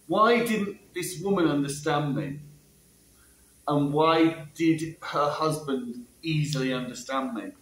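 Man talking in an echoey room. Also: fairly high pitch. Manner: asks rhetorical questions, tags sentences with "yeah?". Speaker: language-learning vlogger. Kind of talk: casual explanatory monologue.

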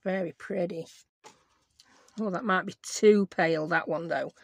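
Middle-aged woman, craft host, rambling self-talk, slight gravel. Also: lowish voice, a little slow, no room sound. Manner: rambling, self-mocking, talks to herself while working. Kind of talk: chatty crafting tutorial.

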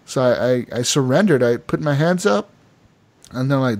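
Man, gaming podcast co-host, mid-pitch, casual animated storyteller who keeps acting out what others said. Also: brisk. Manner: animated storytelling with quoted voices and filler words.

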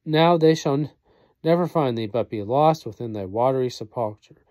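A proud young gentleman soldier, as a man reads him from the script. He speaks in a measured, old-fashioned verse cadence in a mellow, darker voice. The sound is dry and close. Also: medium pitch, lively intonation, no room sound, natural voice. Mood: grieving. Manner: measured period-verse delivery.

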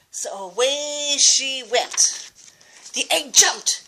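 Older woman, high-pitched and slow, reading a picture book to a grandchild with patient, expressive delivery. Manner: slow, patient, expressive, pausing to ask the child questions.

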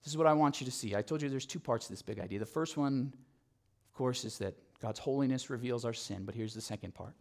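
A male pastor preaching a sermon, telling the story with animation and dropping to a soft, low voice on key phrases. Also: quick pace, creaky. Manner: animated storytelling, acting out quotes.

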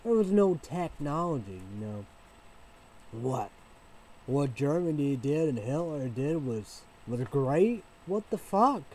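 A man from Illinois ranting in a halting, repetitive way, sometimes bursting into loud excited shouting. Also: medium pitch, poor audio. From Illinois, United States. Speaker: vlogger. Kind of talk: rambling casual rant.

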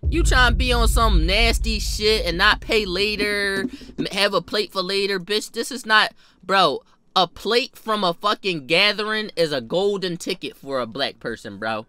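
A young man telling a funny personal story in a storytime vlog, animated and profane with sudden jumps in pitch and loudness. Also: normal speed, slight background noise. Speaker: vlogger.

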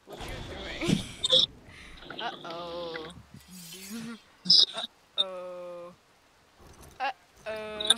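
A woman's voice: medium pitch, very slow, long pauses, heavy background noise. A woman gaming with a friend in casual chat, playful and teasing, laughing often. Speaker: gamer.

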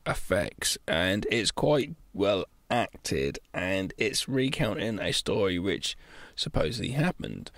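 A man giving blunt, animated opinions on a film while co-hosting a podcast, swearing now and then. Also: deep voice, slow pace, creaky, no echo, studio quality. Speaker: podcast co-host. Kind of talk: casual film discussion.

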